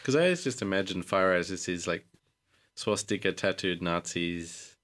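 A woman's voice: extremely low pitch, lively intonation, normal speed. A woman co-hosting a podcast in casual chat, asking questions and chuckling between short replies. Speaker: podcast co-host.

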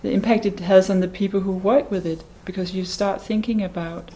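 A woman's voice: mid-range voice, steady tone, fairly quick, mellow, rough recording. A woman artist answering interview questions, thoughtful and hesitant, restarting her phrases. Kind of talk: casual interview.

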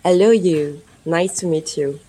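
A woman from France speaks in a slow, hypnotic, repetitive way, as if performing live on radio. Her voice is slightly low and mellow, never hurried. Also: breathy edge, poor audio. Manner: slow, repetitive, incantatory phrasing. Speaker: performance artist.

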